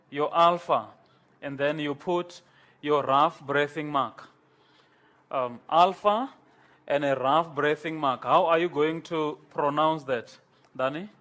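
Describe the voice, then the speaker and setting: A man lecturing a class on Greek, slow and halting, with many pauses and repeated words. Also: fairly high pitch, a bit bright.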